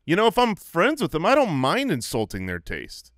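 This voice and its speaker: A man's voice: high-pitched, wildly swooping pitch, normal speed, a bit bright, no echo, clean studio sound. A man co-hosting a comedy podcast, ranting in casual banter with an opinionated, mock-outraged manner. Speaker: podcast co-host.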